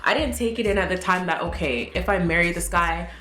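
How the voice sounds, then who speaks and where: A woman's voice: on the low side, a little fast. Chatty young woman telling a story. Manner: animated, chatty, laughs often, acts out quotes. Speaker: vlogger. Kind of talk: casual storytime. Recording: roomy room, faint music.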